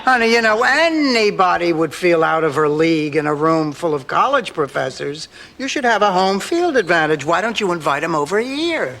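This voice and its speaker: An actress playing a dry, sarcastic middle-aged teacher in a sitcom. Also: female voice, lowish voice, big pitch swings, normal speed, few pauses, a bit bright. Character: sardonic middle-aged divorced teacher woman. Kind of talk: sitcom acting. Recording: sitcom audio with background noise.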